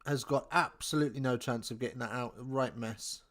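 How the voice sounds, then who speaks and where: A man's voice: medium pitch, fairly quick, fairly bright tone. A young man from England hosting a live rugby watch-along, chatting casually, thinking aloud and answering viewers as he follows the match.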